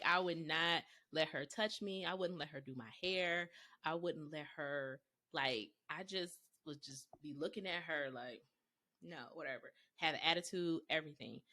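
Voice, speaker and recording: A young woman from Texas, co-hosting a podcast and telling family stories in a casual, animated way, laughing often. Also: low voice. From Texas, USA. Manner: animated, laughing, slips into voices for quotes. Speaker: podcast co-host. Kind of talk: casual storytelling chat.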